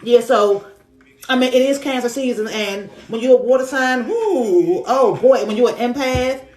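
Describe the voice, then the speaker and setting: A woman's voice: a little high, lively intonation, moderate pace, a little mellow, echoey room. A woman reading tarot on a live stream, affirming and repeating herself in casual, slangy talk. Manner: affirming, repetitive, chatty with slang. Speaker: spiritual reader on a live stream. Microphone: phone on a live stream.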